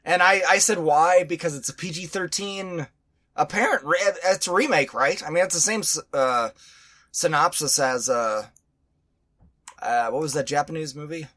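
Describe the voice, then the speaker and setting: A man's voice: a little high, normal speed, fairly bright tone. A man hosting a casual podcast chat, teasing his co-host and often stumbling and restarting his sentences.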